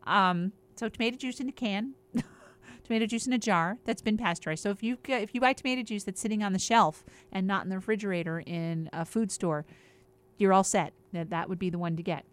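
On a regular show, a woman with a medium-pitched voice talks a little fast in an upbeat, chatty way, explaining health topics casually and listing example after example.

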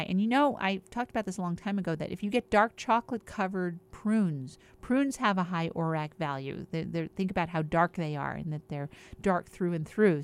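A woman's voice: lowish voice, smooth. A woman on a regular show, talking in an upbeat, chatty way as she explains things and lists example after example. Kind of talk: casual explanatory health chat.

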